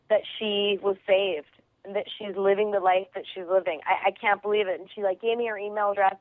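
Lively and fast, this comedian and actress laughs easily as she acts out the characters in her story during a phone interview. The line makes her mid-range voice thin and tinny, and the recording is dry, with nothing of the room around her.

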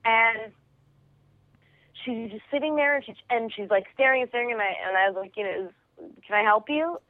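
A woman's voice: on the high side, dry recording. A woman comedian telling a story with lots of energy, laughing easily and acting out the people in it over a phone line. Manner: lively, quick, laughs easily, acts out voices in stories. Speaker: comedian and actress, interview guest.

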